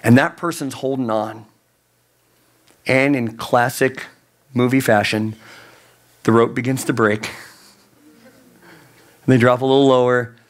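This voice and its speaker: A man's voice: mid-range voice, steady tone, slow pace, pauses often. A man preaching a sermon as a youth pastor, emphatic and repeating key phrases, his voice climbing on the points he stresses.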